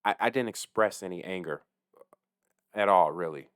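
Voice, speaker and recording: A man who works as a delivery driver, ranting casually to camera, heated and swearing heavily, swinging between low muttering and loud outbursts. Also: normal speed, clean tone, no echo, clean studio sound. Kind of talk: casual profane rant to camera.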